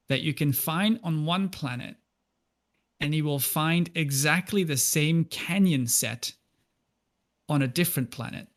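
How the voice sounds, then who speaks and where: A man's voice: medium pitch, a bit bright. A man talking as a guest on a podcast. He speaks earnestly in a casual conversational way and often stumbles and repeats words as he restarts.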